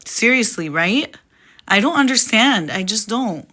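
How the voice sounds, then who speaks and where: A woman's voice: on the high side, lively intonation, a little slow, pushed and bright. A young woman chatting on a phone live stream, rambling and laughing often, and reading her own poem.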